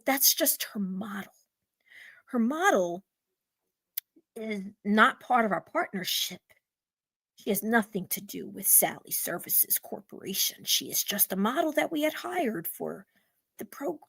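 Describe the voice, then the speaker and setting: A nervous, businesslike service woman, acted by a woman, speaks in a hushed, hesitant half-whisper, always trying to placate. Her tone stays bright and sharp. The sound is dry and close. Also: medium pitch, creaky, slightly rough, no echo, voice pushed down, full character voice. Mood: explaining. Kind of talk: storytelling role-play.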